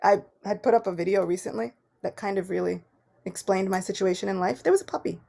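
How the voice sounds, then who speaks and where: A woman giving a devotional morning class, telling personal stories with animated swings between soft and loud. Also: medium pitch, quick pace, creaky. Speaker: class speaker.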